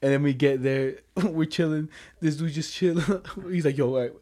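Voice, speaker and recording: A man's voice: fairly high pitch, normal speed, dark tone. A young man telling a story in casual chat, full of slang and fillers, laughing often.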